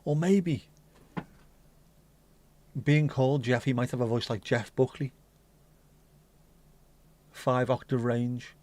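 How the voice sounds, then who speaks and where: A man's voice: medium pitch, slow, pauses often, a little mellow. A middle-aged man hosting a casual livestream and chatting in a playful, cheeky, rambling way. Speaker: livestream host.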